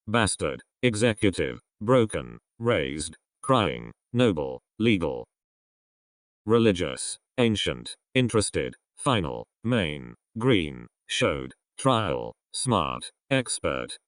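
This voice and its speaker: A man reading an English vocabulary list aloud, one word at a time with pauses. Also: low voice, big pitch swings, dry recording, clean studio sound. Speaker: vocabulary reader.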